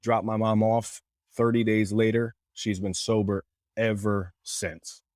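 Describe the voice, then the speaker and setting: A man's voice: lowish voice, little pitch movement, measured pace, a little mellow, no room sound, clean studio sound. A man telling an emotional personal story as a podcast guest, earnest, with many fillers and restarts. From Canada. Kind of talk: candid storytelling.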